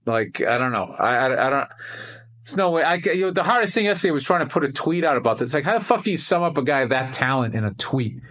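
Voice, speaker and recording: A man in casual chat on a call, rambling and reflective with halting restarts. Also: mid-range voice, expressive, fairly bright tone. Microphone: remote call.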